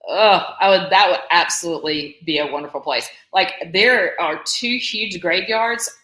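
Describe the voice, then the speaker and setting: A woman's voice: fairly low pitch, normal speed, a bit bright. Chatty Southern woman, echoey room. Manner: chatty, laughs often, rambling. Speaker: co-host of a live stream. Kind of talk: casual live-stream chat.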